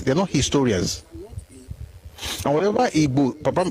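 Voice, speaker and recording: A man's voice: medium pitch, darkish tone, poor audio. A man from Ife with a Nigerian Yoruba accent, giving a heated, indignant monologue with combative repetition. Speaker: commentator.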